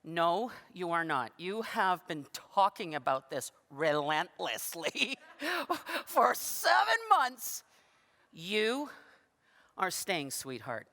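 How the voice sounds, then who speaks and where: A woman's voice: lowish voice, sing-song, takes it slowly, a bit bright, heavily acted. A woman quoting a firm, loving partner. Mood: insistent. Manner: insistent, teasing. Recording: long reverb of a big hall.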